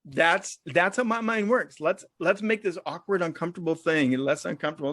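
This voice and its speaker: A man's voice: on the high side, moderate pace, a bit bright, no room sound. A man guest on a podcast, telling stories in a joking, laughing way. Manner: jokey, laughs often, acts out other people in stories. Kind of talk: casual storytelling interview.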